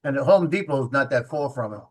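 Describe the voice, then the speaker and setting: A man's voice: mid-range voice, lively intonation, a little fast, a little mellow. A man hosting a casual live chat, talkative and coaxing his pets with treats. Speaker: host.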